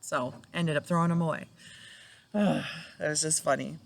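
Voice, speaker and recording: A woman's voice: low-pitched, steady tone, unhurried, vocal fry. A middle-aged widow talking casually to her viewers, tender and reflective, laughing now and then as she remembers. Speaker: widow sharing her grief journey. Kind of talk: casual personal talk to camera.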